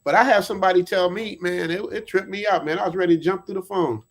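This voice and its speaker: A man on a livestream, chatting casually with a slangy, animated manner and quick laughs. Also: high voice. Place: abroad, lives in Thailand.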